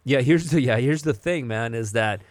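A man hosting a boxing podcast in casual chat, animated and emphatic, going off on excited tangents. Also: mid-range voice, normal speed, dry recording.

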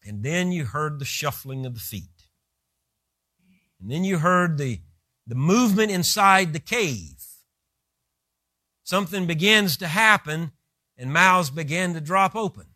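A man's voice: a little high, animated, a little slow, long pauses, bright, forceful tone, dry recording, clean studio sound. A man preaching a sermon who retells scripture with vivid, rising emphasis.

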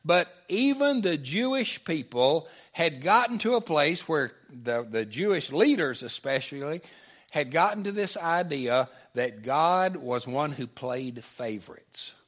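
Slow, lively-voiced male pastor preaching. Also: fairly high pitch. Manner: conversational, repeats audience answers, many restarts. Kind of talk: sermon with audience call-and-response.

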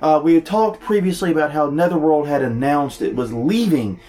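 This New Orleans man has a fairly high pitch and a moderate pace as he co-hosts a podcast. He reads event listings in casual conversation, animated, joking and poking fun at himself.

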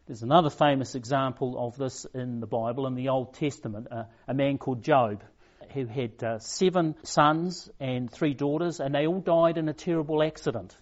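A man preaching a sermon, retelling a story with slow, emphatic pauses and a gentle storytelling manner. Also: medium pitch, lo-fi sound.

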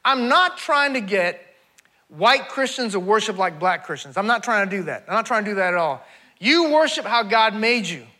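High-voiced, bright animated male preacher. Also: normal speed. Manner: animated preaching, rising to near-shouts then dropping low; addresses crowd as "y'all", asks rhetorical questions. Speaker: traveling preacher. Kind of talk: sermon.

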